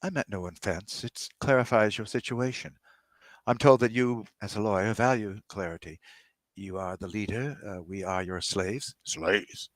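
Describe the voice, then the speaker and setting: A man reading his novel aloud, voicing a cold, mysterious alien holy man who speaks slowly and solemnly. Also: no echo, natural voice. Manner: slow, low, solemn.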